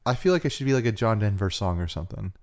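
A man's voice: lowish voice, animated. A man co-hosting a casual podcast, teasing his partner and tossing out jokes. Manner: teasing, playful, quick with jokes. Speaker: podcast co-host. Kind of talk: casual chat.

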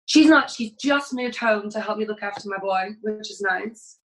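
A woman's voice: mid-range voice, moderate pace, rough recording. A woman from England, chatting as a podcast guest and laughing often. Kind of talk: casual podcast chat.

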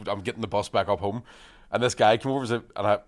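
Fast-talking man telling stories. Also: fairly low pitch. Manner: animated, sweary, often laughing mid-sentence. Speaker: guest comedian. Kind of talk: casual podcast storytelling.

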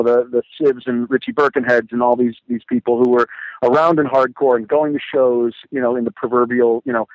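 A middle-aged man and podcast guest telling lively stories in a casual chat, acting out quotes and using many fillers. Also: medium pitch, no room sound, dull audio. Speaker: podcast guest, motivational speaker. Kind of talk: casual storytelling.

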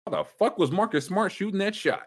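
A man hosting a casual sports talk show, ranting with big swings up in pitch when worked up. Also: lively intonation, brisk, husky. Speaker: sports podcast host.

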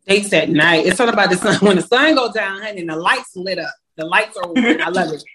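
A young woman talking as an interview guest, chatty and quick to laugh. Her voice sits at a middle pitch and drifts into preachy, encouraging asides when she gets going. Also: lively intonation, fairly bright tone, slight background noise. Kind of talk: casual interview chat.

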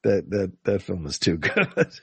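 A man co-hosting a casual podcast chat, animated and quick to laugh. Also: low-pitched, vocal fry, husky, no room sound. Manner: animated, laughs often, slips into quoting. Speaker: podcast co-host ranking film quotes.

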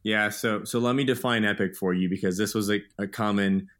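A man's voice: fairly low pitch, fairly even intonation, fairly quick, fairly bright tone. A man in his thirties, a guest author telling stories in an earnest, upbeat way in a podcast interview.

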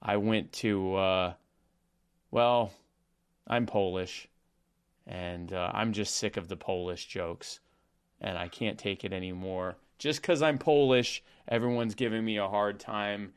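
A man putting on a low, deadpan, halting comedian voice to tell a rambling joke about being teased. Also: smooth. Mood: aggrieved deadpan. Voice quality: deadpan, drawling, halting with restarts. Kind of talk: comedian impression bit.

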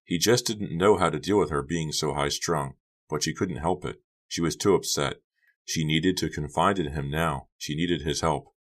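A man narrating an audiobook in a steady storytelling delivery. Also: a bass voice, normal speed.

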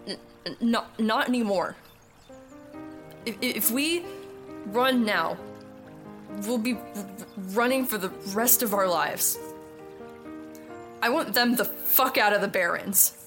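A woman voicing an earnest boy who stutters but speaks slowly and calmly. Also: fairly high pitch, over music. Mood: resolute. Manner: stutters, calm and slow.

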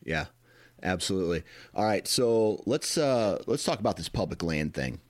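A low-voiced man hosts a casual interview and sums up his guest's points in relaxed, easygoing talk. His voice sits deep. The recording is dry and close. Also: normal speed, dry recording. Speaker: podcast host.

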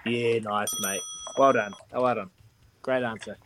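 A man's voice: medium pitch, fairly even intonation, a little slow, background noise. A man hosting a breakfast radio quiz, cheery and matey as he counts down the answers.

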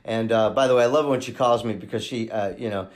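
A man hosting a true-crime podcast, thinking aloud in a halting way with many restarts as he talks through a case. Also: fairly low pitch. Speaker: podcast host and case investigator.

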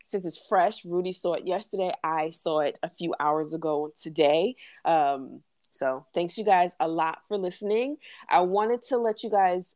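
A woman co-hosting a podcast in casual chat, an animated storyteller who laughs often. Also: lowish voice, moderate pace, few pauses, no room sound. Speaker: podcast co-host.

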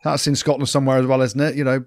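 A man's voice: medium pitch, level tone, very fast, dry recording, studio quality. A man co-hosting a podcast, teasing the guest with mock-indignant banter. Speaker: podcast co-host. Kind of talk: casual chat.

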